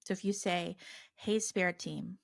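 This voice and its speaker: A woman hosting a spiritual podcast, talking casually and earnestly, with many fillers and soft asides. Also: lowish voice, unhurried, gravelly, dry recording, clean studio sound. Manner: chatty, earnest, many fillers, voices her own prayers softly. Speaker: podcast host.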